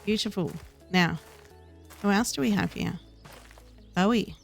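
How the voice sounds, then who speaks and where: A woman's voice: medium pitch, a little fast, darkish tone, soft background music. A woman casually talking through a game as she plays, reading the game's dialogue aloud in her own voice. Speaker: gaming host. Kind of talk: casual gameplay commentary.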